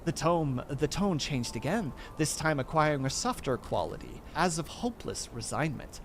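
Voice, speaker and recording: A man's voice: a little high, sing-song, normal speed, a bit bright, a little hiss or hum. A man reading a horror story aloud, often stumbling over words and starting them again.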